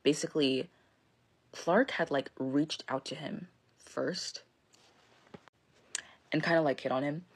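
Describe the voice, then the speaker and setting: A woman's voice: deep voice, takes it slowly, long pauses, husky. A young woman telling a casual storytime into her phone, rambling with lots of fillers and frequent swearing.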